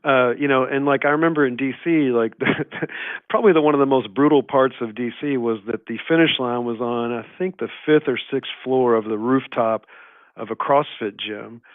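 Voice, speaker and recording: A man's voice: mid-range voice, normal speed, no room sound. A man chatting casually on a podcast, telling rambling stories with lots of "you know" and "like". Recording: tinny phone-like line, dry.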